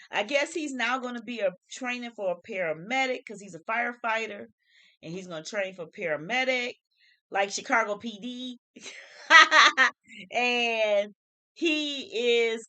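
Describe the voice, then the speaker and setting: A woman's voice: medium pitch, a bit bright. A woman hosting a casual reality TV commentary vlog, emphatic and repetitive, speaking with slang. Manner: emphatic, repeats phrases, uses slang. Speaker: show host reviewing reality TV.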